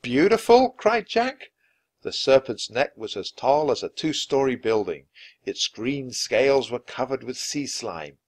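A man reads a children's adventure story aloud. His delivery is expressive and dramatic. His pitch moves freely over a wide range. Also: measured pace. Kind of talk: children's book read-aloud.

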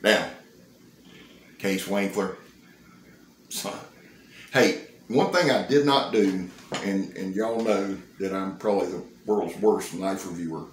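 A fifty-something man with a drawl, hyped up and folksy as he shows off his knives in a casual vlog. His voice sits on the low side, and the room gives it a roomy echo with a faint hum of ambience behind. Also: slow, pauses often. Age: 50s. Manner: excitable, folksy, joking. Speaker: knife reviewer. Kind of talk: casual knife-review vlog. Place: indoor room. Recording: roomy, echoey sound.

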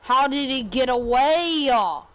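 A woman's voice: high voice, animated, slow. A woman live-streaming a game, raging and swearing at her chat. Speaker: gaming streamer.

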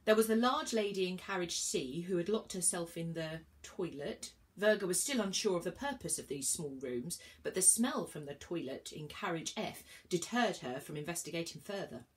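A woman's voice: on the low side, animated, normal speed, hardly any pauses. A woman reading a children's novel aloud, telling the story expressively. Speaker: reader. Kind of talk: children's book read-aloud.

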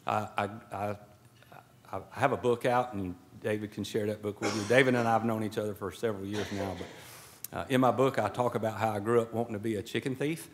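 A man's voice: lowish voice, steady tone, brisk, slight background noise. A middle-aged man giving a folksy, joking speech at a podium during an indoor ceremony, with preacher-like asides. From Georgia. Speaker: guest speaker at a swearing-in ceremony. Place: indoor event hall at a podium. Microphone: podium microphone.

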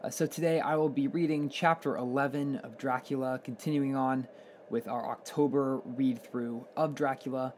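Guy reading an old novel out loud on his channel, mid pitch, slight background hum. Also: normal speed. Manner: hesitant with many fillers in the intro, steady when reading. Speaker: audiobook reader on a book channel. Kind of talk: casual intro then read-aloud narration.

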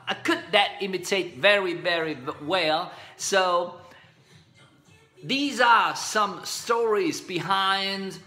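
A middle-aged man from Spain with a slightly hoarse but bright, rather high voice. He talks slowly and casually, chuckling and filling gaps with "um." Faint music plays behind him. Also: lively intonation. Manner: chuckling, meandering, full of fillers. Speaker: singer recalling his recording career. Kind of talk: casual storytelling to camera. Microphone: camera mic.

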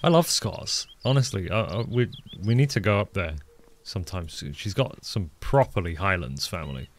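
A man's voice: deep voice, animated, moderate pace. A man with an English Midlands accent chatting casually on a live game stream, rambling, answering chat and swearing offhandedly. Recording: noisy stream audio with mouse clicks.

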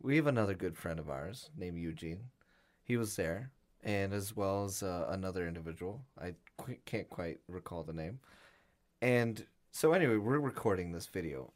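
A young man co-hosting a podcast, chatting casually as he tells stories. He talks in a loose, animated way and acts out each person he quotes. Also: mid-range voice. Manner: animated storyteller acting out quotes. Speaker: podcast co-host. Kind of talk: casual storytelling chat.

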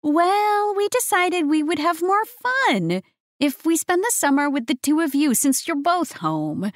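A woman voicing a cheerful middle-aged mother in an audiobook, pitched high and gushing. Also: big pitch swings, a little slow, dry recording, studio quality.

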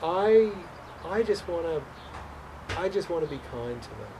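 A man's voice: on the high side, big pitch swings, a little slow, distant mic, noisy background. A man telling a personal story as a guest in a conversation. He speaks earnestly and with open emotion, stumbling, restarting and repeating words as he goes.

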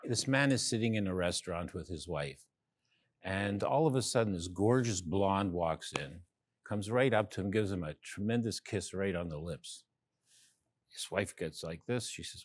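Low-voiced man telling a joke. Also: normal speed, husky, no room sound. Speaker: joke teller.

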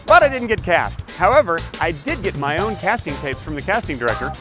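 A man in a comedy sketch, talking in a cheeky deadpan way as an auditioning actor. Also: high-pitched, a little fast. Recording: roomy and distant, music behind.

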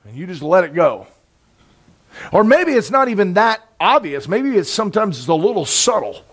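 A middle-aged man preaching a sermon in a conversational, intense way, with sudden loud bursts. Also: high-pitched, big pitch swings, normal speed, breathy edge. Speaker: pastor.

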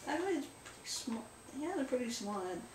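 A woman with a high, very animated voice talks at a quick pace while hosting a let's play. Her casual gameplay commentary rambles along, full of jokes at her own expense. The recording has a roomy echo, a distant mic and faint noise.

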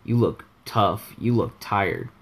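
A man voicing a young male fighter character who talks in a flat, deadpan monotone with slight emphasis. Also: lowish voice, slow pace, creaky, breathy edge, exaggerated voice.

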